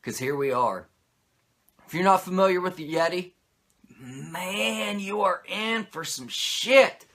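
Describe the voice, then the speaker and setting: A man's voice: high voice, takes it slowly, a bit bright. A male host giving a comedic, profane and sarcastic wrestling recap.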